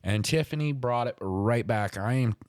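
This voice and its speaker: A man's voice: medium pitch, normal speed, a little mellow, dry recording. Fired-up, foul-mouthed man ranting. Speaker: podcast host. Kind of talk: heated wrestling commentary chat.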